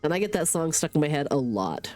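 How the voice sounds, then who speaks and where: A livestreamer with a cold-stuffed nose talks fast in a mid-range, darkish voice, very animated. It's casual gaming stream chat, narrating each in-game task aloud while playing.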